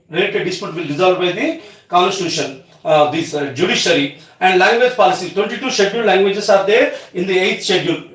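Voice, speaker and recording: A man teaching an online revision class, halting, with many fillers and restarts. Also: sits high. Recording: very echoey room, far from mic.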